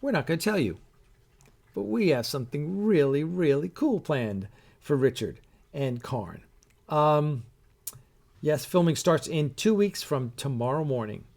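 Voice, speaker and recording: A man's voice: on the high side, expressive, measured pace, creaky, a little mellow. A middle-aged man hosting a casual live stream, telling stories and reading viewer comments, rambling with lots of fillers and restarts while he sips coffee. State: sipping coffee while talking. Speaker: show host and producer.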